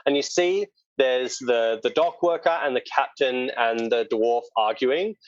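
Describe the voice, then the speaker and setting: A man's voice: mid-range voice, measured pace, no room sound, muffled recording. A man with an Australian accent narrating a tabletop game as game master, casual and hesitant. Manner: casual, hesitant, lots of fillers.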